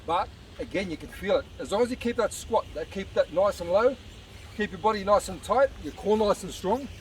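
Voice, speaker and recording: A man's voice: high-pitched, animated, a little fast. A man, coaching viewers through an outdoor workout while slightly out of breath, encouraging as he exercises. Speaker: fitness coach. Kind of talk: casual workout demonstration. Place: outdoor beach park. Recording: distant outdoor mic with traffic noise.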